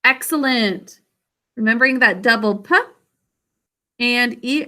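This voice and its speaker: A woman teaching a spelling lesson to children over a video call, sounding out each syllable slowly and deliberately. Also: high-pitched, lively intonation, sharp tone.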